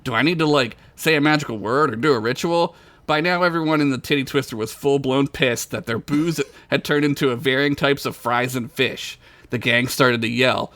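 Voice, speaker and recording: A man's voice: mid-range voice, normal speed, a bit bright, no echo. A man co-hosting a podcast, reading his own comedic story aloud and laughing at his own jokes.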